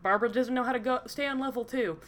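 A woman co-hosting a podcast, chiming in with quick sarcastic quips. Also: fairly high pitch, a bit bright. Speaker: podcast co-host. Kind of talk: casual chat.

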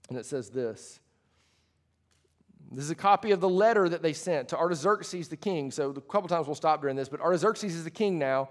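A man preaching a sermon to a congregation, talking in a conversational way with restarts and asides. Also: a little high. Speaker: pastor. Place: church hall before a congregation.

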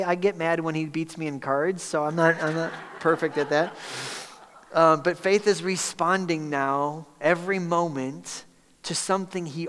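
This middle-aged pastor delivers a conversational sermon in a church hall, asking questions of the congregation gathered there. He has a slightly high, somewhat bright voice, and the recording echoes with the hall's reverb.

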